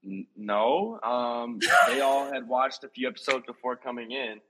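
A man's voice: mid-range voice, a little slow, pushed and bright, slight background noise, low-quality recording. A young man and reality show contestant chatting casually in an interview, telling stories in a laid-back way with laughter. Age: young adult.

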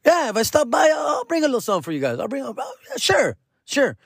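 A man's voice: extremely high pitch, huge pitch swings, fast talker, vocal fry, a bit bright, slightly rough, dry recording, studio quality, pitched above the performer's own voice, exaggerated voice. A man voicing a laid-back young male teacher trying to act cool, in a slangy, eager-to-please drawl.

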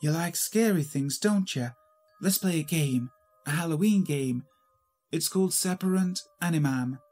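A man's voice: a little high, unhurried, darkish tone, soft background music. A man voicing a sinister talking glass doll lady, with a sarcastic vaudeville accent and old-timey slang. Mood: coaxing. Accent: 1920s vaudeville.

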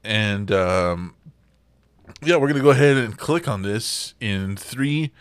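A man hosting a podcast in casual chat, swearing and ranting with animated energy. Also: lowish voice, takes it slowly, smooth, dry recording. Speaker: podcast host.

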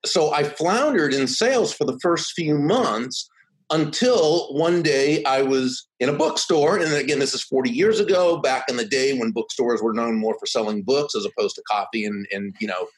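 A man in his sixties, a podcast guest, telling stories in an animated way and acting out quotes. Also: mid-range voice, normal speed, low-quality recording. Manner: animated, does voices when quoting others. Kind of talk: conversational storytelling.

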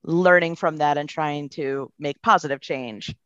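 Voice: mid-range voice, steady tone, unhurried, fairly bright tone, smooth, no echo. A guest speaking as a professional in their field, giving earnest, thoughtful answers in a podcast interview. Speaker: guest, behavior analysis professional. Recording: dull, dry lo-fi sound.

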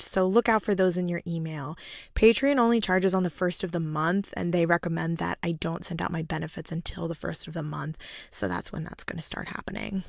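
A woman hosts her solo podcast with a raspy, hoarse voice that sits slightly low. She speaks earnestly, and the recording is dry and close. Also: dry recording. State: hoarse from laryngitis. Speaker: podcast host.

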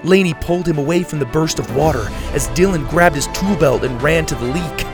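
Gravelly man reading a story. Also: fairly high pitch, fairly quick. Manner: steady, descriptive. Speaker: narrator. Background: faint music.

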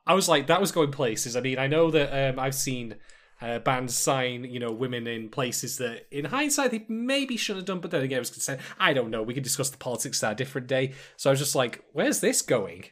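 A man's voice: mid-range voice, expressive, a little fast, fairly bright tone. A man co-hosting a podcast in casual chat, jokey and swearing freely. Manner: jokey, swears, does mock voices. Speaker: podcast co-host.

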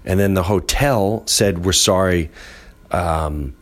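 A man hosting a podcast, telling a comic story with animated delivery and acting out other people's voices. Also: sits low, slow. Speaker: podcast host.

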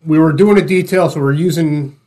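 A man with a somewhat high voice, a former police officer, tells a story from the station in easy conversation. He restarts his sentences and chuckles as he goes. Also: noisy background. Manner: halting, repeats words, chuckles. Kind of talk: casual storytelling chat.

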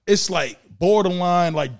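Male podcast host, fairly high voice, profane, emphatic, repetitive. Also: a little slow. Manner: emphatic, profane, repeats words. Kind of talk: casual chat.

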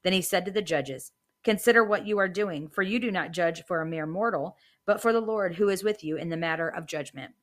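A woman's voice: lowish voice, brisk. Woman reading scripture with casual asides. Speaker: Bible reading podcast host. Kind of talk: informal Bible reading aloud.

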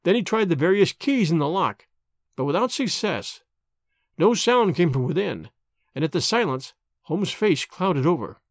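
A man narrating a classic detective story with expressive, dramatic reading. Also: high voice, normal speed, no echo, studio quality.

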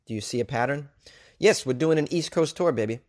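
A man's voice: mid-range voice, brisk, darkish tone. A man hosting his own podcast, a stand-up comic chatting casually and jokingly, rambling with lots of fillers. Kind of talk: casual solo podcast chat.

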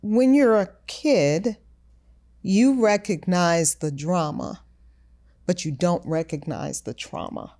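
A woman hosting a podcast, speaking in a measured, reflective, teaching way. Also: fairly low pitch, lively intonation, mellow. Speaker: podcast host. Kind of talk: reflective conversation.

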